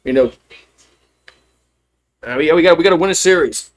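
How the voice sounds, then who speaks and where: A man calling a live baseball game as a fan streamer, openly rooting for his team, chatty and loose, with rambling asides between pitches. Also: fairly quick. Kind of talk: live baseball play-by-play commentary.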